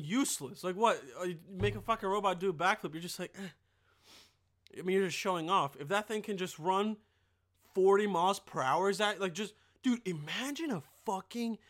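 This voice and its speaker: A young man hosting a podcast, riffing in a rambling, profane, casual comedic rant and now and then bursting into loud yelled impressions. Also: sits high. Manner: rambling, profane, full of filler.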